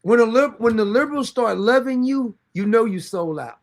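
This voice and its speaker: A man's voice: very high-pitched, expressive, moderate pace. A man hosting a commentary stream, reacting to news clips in a sarcastic, mocking, slangy way. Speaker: commentary host.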